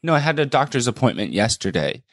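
Male co-host, mid-pitched, deadpan rambling comic delivery, dry close mic. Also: quick pace, dry recording. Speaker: podcast co-host. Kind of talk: comedic podcast chat.

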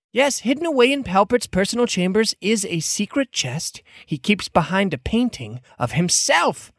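A woman narrating as game master of a tabletop role-playing game, chatty and expressive. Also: medium pitch, normal speed, hardly any pauses, no echo, studio quality.

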